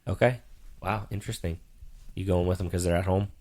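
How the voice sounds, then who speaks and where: Deep-voiced dad teasing on a podcast. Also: male voice, fairly even intonation, fairly quick, a little mellow. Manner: teasing, playfully bossy. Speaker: podcast co-host, father. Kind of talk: casual sports-picks chat.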